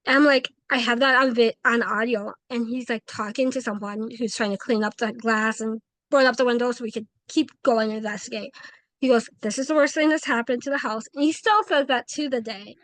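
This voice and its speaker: A woman paranormal investigator telling stories in a casual interview, animated and acting out quoted dialogue. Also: on the high side, fairly quick, no room sound.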